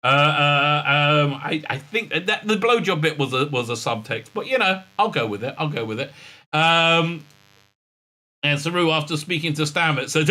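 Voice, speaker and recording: A man's voice: fairly high pitch, expressive, normal speed, bright, forceful tone. A man hosting a casual review vlog, sarcastic and mocking, rambling with many fillers. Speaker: show host and reviewer.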